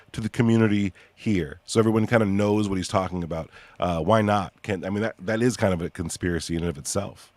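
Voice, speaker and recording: A young man hosting a podcast in casual chat, rambling through ideas with many fillers and sudden excited bursts. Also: low voice, quick pace, few pauses, no room sound. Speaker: podcast host.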